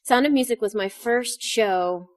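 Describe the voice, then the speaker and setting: A woman being interviewed about her stage acting, telling stories in an animated way and acting out the lines she quotes. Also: on the high side, measured pace, dry recording. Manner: animated storytelling, acts out quotes. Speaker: stage actress, guest. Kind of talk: interview conversation.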